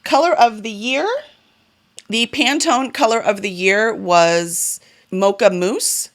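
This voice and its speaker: A woman's voice: medium pitch, takes it slowly. A woman vlogging about the books she plans to read, chatty and enthusiastic, with fillers and small self-corrections. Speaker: book vlogger and publisher. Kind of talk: casual reading-goals vlog.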